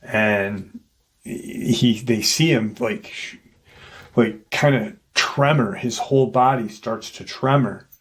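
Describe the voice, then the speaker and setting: A man speaking in a mid-range voice hosts his channel and takes his time recounting something eerie. His storytelling is casual and rambling, and he plays out the voices he quotes.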